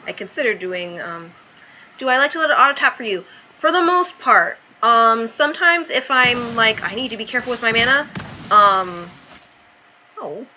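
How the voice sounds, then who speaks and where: A young adult woman chatting casually and thinking out loud as she plays a card game. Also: fairly high pitch, expressive, moderate pace, a little hiss or hum, poor audio. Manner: chatty, thinks aloud while playing. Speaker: streamer. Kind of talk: casual gameplay commentary.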